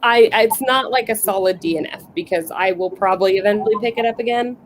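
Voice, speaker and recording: A woman's voice: mid-range voice, fast talker, a little hiss or hum, poor audio. A woman hosting a book club chat over a video call, talking casually with lots of restarts and fillers. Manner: chatty, hesitant, many likes and restarts. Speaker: book club livestream host.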